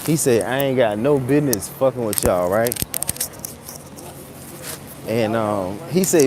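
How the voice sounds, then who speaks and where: A man's voice: mid-range voice, a little slow, long pauses, a little hiss or hum. A man, telling a story live while walking city streets in the rain, recorded on a phone. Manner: animated retelling, acts out quotes loudly, then muses quietly. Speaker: vlogger.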